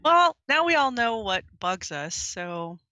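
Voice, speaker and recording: A woman's voice: on the high side, sing-song, slow pace, pushed and bright, highs cut off, a little hiss or hum. A woman co-hosting a casual podcast, chatty and laughing along. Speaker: podcast co-host. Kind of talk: casual chat.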